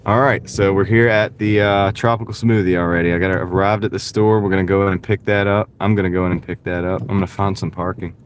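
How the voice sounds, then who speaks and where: Low-pitched and flat, this man talks quickly with hardly any pauses, over slight background noise. A delivery driver from the American South with a light accent, he chats casually on a livestream as he drives, rambling and fielding viewer comments, wearing a wireless clip-on mic.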